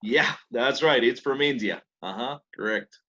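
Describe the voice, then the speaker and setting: A man teaching an online English class, explaining in English and Spanish with soft, hesitant fillers. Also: mid-range voice, unhurried, lo-fi sound.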